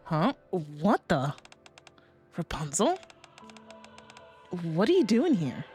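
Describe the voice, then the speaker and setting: A woman's voice: lowish voice, wildly swooping pitch, slow, darkish tone, faint music behind, heavily acted. A woman voicing an impatient, busy female researcher in a game story, read aloud during a stream. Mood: startled.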